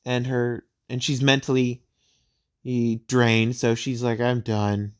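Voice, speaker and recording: Male storyteller, casual rambling retelling, slow and unhurried. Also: medium pitch, little pitch movement, clear, resonant tone. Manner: rambling, halting, with many fillers and restarts.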